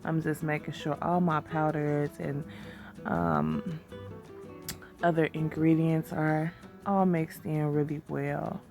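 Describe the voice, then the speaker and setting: A soap maker and shop owner, getting over a cold, speaks in a low, scratchy, animated voice at a slow pace. She chats casually through a how-to soap-making demonstration, calling viewers y'all, with background music playing.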